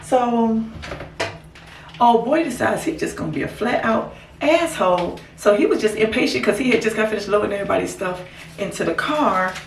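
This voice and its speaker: An animated woman chatting to her camera in a casual storytime vlog, acting out the people in her story. Her voice sits mid-range and bounces off the walls of an echoey room, with a faint hiss behind it. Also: normal speed. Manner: animated storyteller, acts out quotes in a higher voice. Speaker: vlogger.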